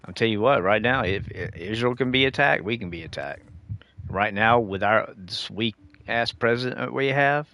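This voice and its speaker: A man's voice: mid-range voice, normal speed, pushed and bright, dry recording. A middle-aged man ranting casually to his viewers while gaming, preachy and lecturing, calling them dude and y'all. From United States. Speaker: gaming streamer.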